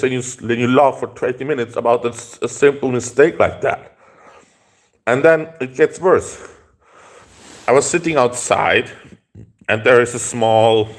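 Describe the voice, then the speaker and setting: A man telling a story in a casual rant, rambling with halting restarts and profane outbursts. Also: mid-range voice.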